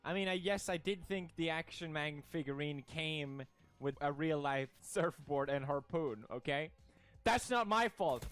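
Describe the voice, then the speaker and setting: Jokey man, slightly high voice. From Sweden. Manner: jokey, mock-outraged, laughs often. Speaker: streamer. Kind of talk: casual reaction commentary.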